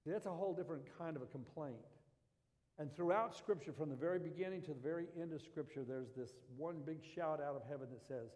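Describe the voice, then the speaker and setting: A man's voice: a little high, quick pace, a little mellow, long reverb tail. A man preaching a Sunday sermon, reading scripture and rising to impassioned pleas. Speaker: pastor.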